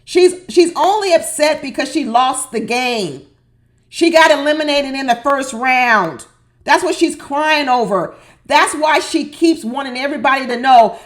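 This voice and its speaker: A woman's voice: high voice, unhurried. A woman giving sassy, exasperated commentary on a reality show, hammering her points with emphatic repetition. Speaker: reality TV recap host.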